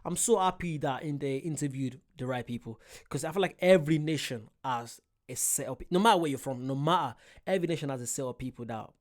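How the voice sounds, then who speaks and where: A man casually reacting to street interviews, talking in an animated, rambling way and often cutting himself off. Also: mid-range voice, quick pace, hardly any pauses. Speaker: reaction video host.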